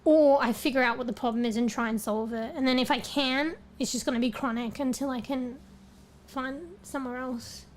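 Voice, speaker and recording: A woman's voice: sits high, fairly even intonation, a little fast, slight background noise. A woman streamer chatting casually with viewers. She rambles, swears often, and is losing her voice.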